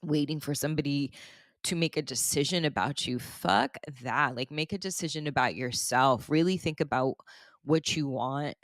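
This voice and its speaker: In a casual chat, this woman podcast host talks at normal speed in a low voice, candid and meandering, constantly saying "like" and "basically." The audio is clean studio quality with no echo.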